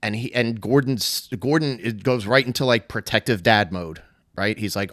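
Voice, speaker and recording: A man's voice: on the low side, normal speed, a bit bright, no room sound, clean studio sound. A man hosting a podcast, casually retelling a story in a rambling way full of fillers and laughs. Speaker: podcast host.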